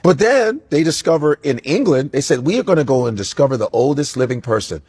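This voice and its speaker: Husky male voice, slightly high, lively swinging delivery, casual chat storyteller. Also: brisk. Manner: animated storyteller who slips into impressions.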